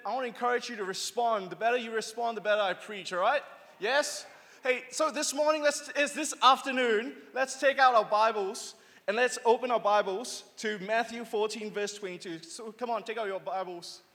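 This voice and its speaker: High-voiced young pastor in a reverberant hall. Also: male voice. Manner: lively, urging the crowd to call back. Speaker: youth pastor. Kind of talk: sermon.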